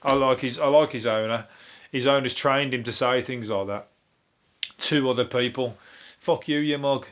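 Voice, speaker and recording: A man's voice: medium pitch, fairly even intonation, moderate pace, a bit bright. A man with a Birmingham accent hosting a comic news review podcast, rambling through stories with constant swearing and laughing at his own jokes. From England. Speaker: comedian podcast host.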